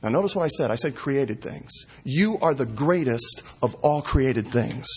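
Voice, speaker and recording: Husky preacher with dramatic repetition. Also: male voice, mid-range voice, animated, moderate pace. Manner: dramatic, repeats phrases for emphasis, acts out quotes. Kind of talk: sermon.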